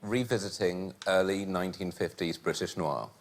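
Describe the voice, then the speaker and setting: A man on a comedy quiz panel, making dry, wry quips in a deadpan way. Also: low-pitched, moderate pace, very noisy. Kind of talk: dry comic banter.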